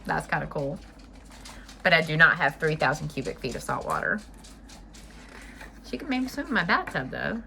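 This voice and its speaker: A woman's voice: deep voice, very animated, moderate pace, gravelly, pauses often, sharp tone, a little hiss or hum. A woman reading a picture book aloud to children at home, chatting and asking them to raise their hands. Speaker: children's storyteller.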